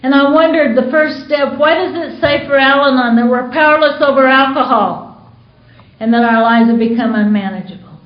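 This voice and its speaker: A woman's voice: high-pitched, moderate pace. Woman telling her story in a roomy hall. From United States. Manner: candid storytelling with acted-out quotes. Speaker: Al-Anon speaker. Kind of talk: recovery meeting share. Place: meeting hall. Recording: roomy dull conference recording.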